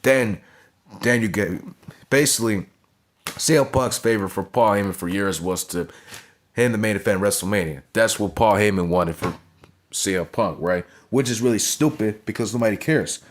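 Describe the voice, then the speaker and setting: A man's voice: on the low side, moderate pace. A young man reviewing a wrestling show in a blunt, profane casual rant, often asking "you understand?".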